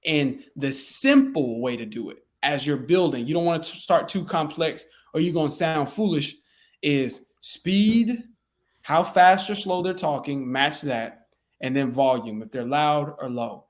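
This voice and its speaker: A man's voice: fairly high pitch, a little slow. A man coaching real estate sales in a loose, conversational way with frequent fillers and restarts. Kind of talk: casual teaching talk.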